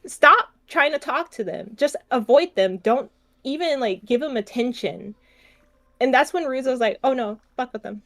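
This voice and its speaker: A woman's voice: high-pitched, lively intonation, unhurried, a bit bright. A woman co-hosting a podcast, telling a story in casual chat, often laughing, swearing and restarting her sentences. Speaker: podcast co-host.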